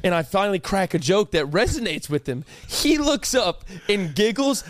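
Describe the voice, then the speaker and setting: A young man co-hosting a podcast, telling a story in a giggly, animated way. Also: high-pitched, moderate pace, few pauses, dry recording. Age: young adult. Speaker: podcast co-host. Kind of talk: casual chat.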